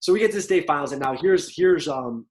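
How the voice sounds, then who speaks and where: Animated New coach telling stories. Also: male voice, on the high side, fast, poor audio. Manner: animated, rambling storyteller with many fillers. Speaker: wrestling coach and podcast co-host. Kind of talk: casual storytelling in a podcast interview.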